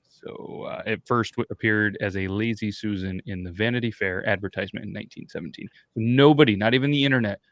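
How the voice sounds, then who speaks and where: A man with a low voice co-hosts a casual podcast, wry and offhand. His voice sounds dry and close, with no room around it. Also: no echo. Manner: dry, wry, reads search results aloud. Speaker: podcast co-host.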